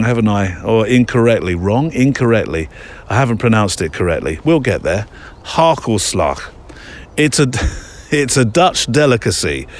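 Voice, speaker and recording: A middle-aged man hosting a photography podcast in a casual, rambling, self-deprecating way, with many fillers. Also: medium pitch. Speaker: podcast host. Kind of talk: casual chat.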